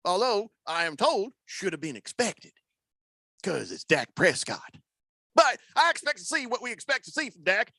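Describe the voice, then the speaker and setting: A man doing an impression of a blustery old male football team owner, rambling, boastful and shouting. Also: extremely high pitch, dry recording, clean studio sound, voice pushed up, full character voice.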